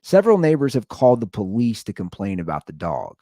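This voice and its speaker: Animated ranting man, lively pitch. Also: a little fast, no echo, clean studio sound. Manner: animated, profane, swings between loud outbursts and low asides. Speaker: podcast host. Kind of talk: ranting comedic storytelling.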